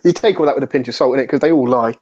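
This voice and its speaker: A man speaks quickly, bluntly and dismissively in a casual panel chat. His voice has a mellow, dark tone. The recording sounds dull and lo-fi. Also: medium pitch.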